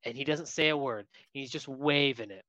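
A man's voice: mid-range voice, normal speed, dry recording. Man telling stories on a muffled podcast. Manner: lively anecdotal storyteller. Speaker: podcast co-host. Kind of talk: casual sports chat.

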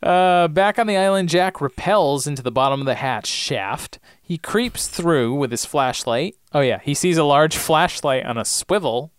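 A man's voice: on the high side, lively intonation, moderate pace, hardly any pauses, smooth, no room sound. A man co-hosting a podcast, casually retelling a TV episode in a loose, rambling way. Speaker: podcast co-host.

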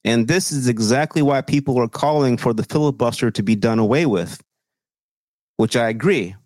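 A man's voice: mid-range voice, normal speed, a little mellow, no room sound. A man co-hosting a podcast, talking politics in casual, profane, sarcastic chat. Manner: profane, sarcastic, mocking quoted voices. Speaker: podcast co-host.

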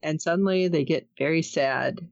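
A woman's voice: low-pitched, gravelly, no echo. A woman hosting a podcast in a casual, joking chat, laughing often as she recaps a TV episode. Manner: animated, joking, quick to laugh. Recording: slightly dull, dry sound.

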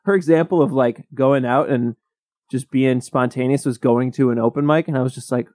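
A man's voice: medium pitch, fairly quick, darkish tone, no room sound. Man with a dry close-mic sound. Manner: rambling, self-interrupting storyteller. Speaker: podcast co-host. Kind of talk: casual chat.

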